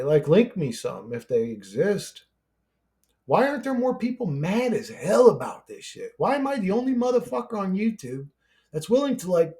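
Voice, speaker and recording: A man ranting to camera as a YouTuber, profane and exasperated, his voice climbing as he gets angrier. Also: a little high. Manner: profane, exasperated, rising to shouting. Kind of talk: angry conspiracy rant.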